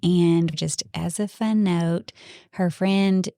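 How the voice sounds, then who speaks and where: A woman's voice: lowish voice, steady tone, slow, mellow, dry recording, clean studio sound. A woman with a Southern US accent hosting a podcast, introducing her guest and asking questions in an upbeat, friendly way. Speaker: podcast host. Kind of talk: casual chat.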